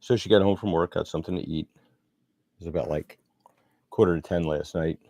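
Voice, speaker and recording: A man's voice: deep voice, fairly even intonation, moderate pace, creaky, warm tone, no room sound. A middle-aged man chatting casually and rambling as he narrates his sculpting work. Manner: rambling, chatty, self-deprecating. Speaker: sculptor vlogger.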